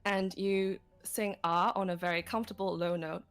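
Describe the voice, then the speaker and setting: Speaking at a moderate pace with fairly even intonation and a medium pitch, a woman explains singing technique step by step during a livestream. She stays patient and laughs lightly and often.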